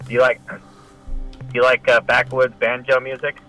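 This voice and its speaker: A man's voice: medium pitch, completely flat delivery, moderate pace, bright, forceful tone, soft background music, low-quality recording. A man chatting casually on a stream, making dry, teasing jokes.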